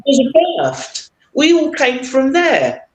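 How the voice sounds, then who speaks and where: A woman singer as an interview guest, reminiscing in casual chat and pausing often with fillers. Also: sits high, wildly swooping pitch. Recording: roomy echo.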